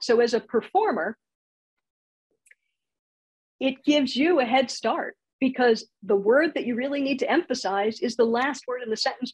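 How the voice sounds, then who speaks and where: Chatty husky woman teaching comedy. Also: fairly high pitch, a little mellow, rough recording. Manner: chatty, laughs at her own examples. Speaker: comedy writing instructor. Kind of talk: casual online workshop talk.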